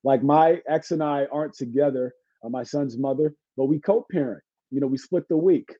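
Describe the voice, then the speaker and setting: A man from Brooklyn, a guest entertainer chatting on a podcast, telling animated stories with jokes and laughs. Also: mid-range voice, normal speed, no room sound. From Brooklyn, New York. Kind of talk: casual podcast chat. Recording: dry, slightly dull lo-fi sound.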